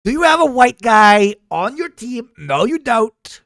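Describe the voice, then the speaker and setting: A man putting on a loud, defensive male government staffer who brags and mocks. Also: very high-pitched, sing-song, measured pace, no room sound, studio quality, voice pushed up, full character voice. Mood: indignant.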